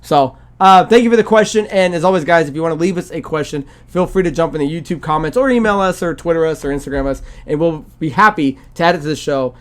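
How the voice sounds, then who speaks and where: A man's voice: fairly high pitch, fast, hardly any pauses. A man hosting a video game podcast, chatting casually and rambling with lots of fillers and restarts. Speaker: podcast host.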